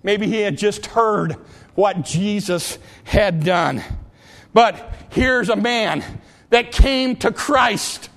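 A middle-aged man, a pastor, preaching a sermon that swings from impassioned peaks down to quiet, confiding asides. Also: high-pitched, drawn-out words.

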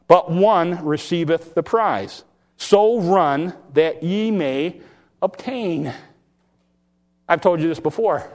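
A man preaching a sermon, folksy and impassioned, acting out Bible stories in plain talk. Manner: impassioned, pitch rising when exhorting; acts out Bible dialogue in folksy speech.

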